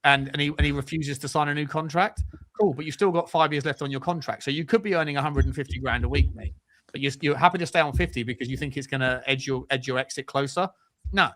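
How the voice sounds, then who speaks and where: A man hosts a football chat show. His voice sits a little high and sounds bright and forceful. He talks in quick, animated bursts of banter and often doubles back on his words. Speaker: podcast host.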